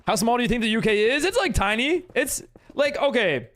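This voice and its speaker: A man's voice: very high-pitched, big pitch swings, fairly quick, fairly bright tone. A young man streaming, chatting casually with viewers, laughing often and using lots of fillers. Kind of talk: casual live-stream chat reading viewer messages.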